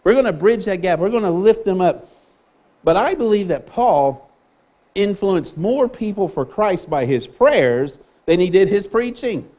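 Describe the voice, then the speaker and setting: Earnest preacher, high voice. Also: male voice, animated, measured pace, a little mellow. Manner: earnest, with repeated words and restarts. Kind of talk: sermon.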